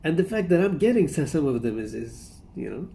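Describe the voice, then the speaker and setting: A man's voice: on the high side, sing-song, brisk, mellow, a little hiss or hum. A man hosting a casual reaction commentary, rambling and amused, often breaking into laughter. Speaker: reaction video host.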